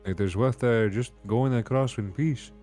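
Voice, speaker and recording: A man playing a tabletop game, talking casually in a halting way with many fillers. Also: mid-range voice, warm tone, soft background music. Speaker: player.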